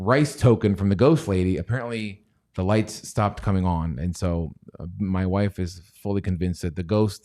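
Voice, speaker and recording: Low-pitched with a dark tone, this chemist and stock show host runs a relaxed livestream. He jokes and rambles, occasionally sinking to almost a whisper.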